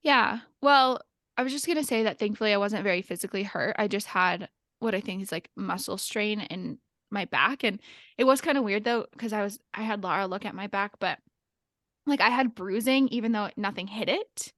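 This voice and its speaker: A woman's voice: medium pitch, moderate pace, fairly bright tone, no echo, studio quality. A young adult woman chatting casually on a podcast, telling a story with lots of filler words and nervous laughs. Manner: laughs nervously while recounting.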